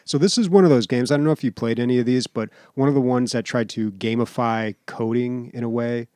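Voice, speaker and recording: Male podcast host, casual, steady mid voice, dry studio mic. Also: medium pitch, brisk, clear, resonant tone, dry recording. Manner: relaxed, reads out game info. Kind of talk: casual chat.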